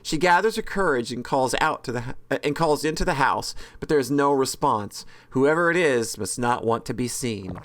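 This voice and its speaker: A man's voice: mid-range voice, animated, normal speed, few pauses, a bit bright. A man reading a horror visual novel's narration aloud with casual, joking asides and frequent self-corrections. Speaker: let's-play host reading a visual novel.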